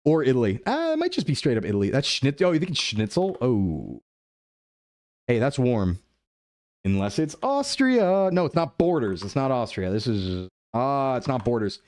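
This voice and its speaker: A young adult man streaming a game live, chatting playfully with his chat and thinking his guesses out loud. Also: medium pitch, wildly swooping pitch, moderate pace, no echo, clean studio sound. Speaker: VTuber streamer. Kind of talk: live-stream gameplay commentary.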